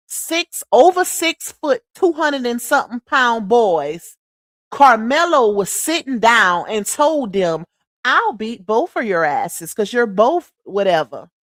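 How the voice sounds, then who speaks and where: A woman's voice: on the high side, no room sound, studio quality. A woman giving casual live-stream commentary, emphatic and repetitive, talking straight to her chat. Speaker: livestream commentary host.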